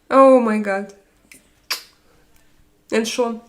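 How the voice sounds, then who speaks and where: A woman from Russia with a Russian accent, hosting a live stream and chatting with viewers, halting with many fillers and restarts. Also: mid-range voice. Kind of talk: casual chat reading viewer comments.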